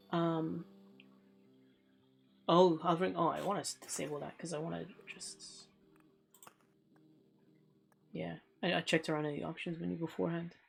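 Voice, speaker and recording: Gravelly-voiced woman musing over a game. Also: deep voice. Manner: thinks aloud, rambling and offhand. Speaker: streamer. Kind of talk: casual let's play commentary.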